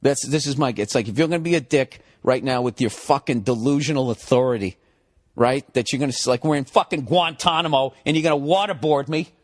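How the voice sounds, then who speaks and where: A man, a comedian guest in a podcast studio, telling a profane comic story into a studio mic, dropping to low mutters and then climbing into high, excited rants. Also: brisk.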